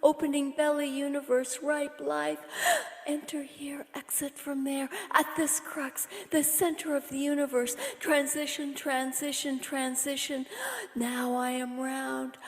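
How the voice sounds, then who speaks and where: High-voiced woman reading poetry slowly. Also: in a large hall. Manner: intense, rhythmic delivery, dropping to whispers. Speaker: poet. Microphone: online reading setup.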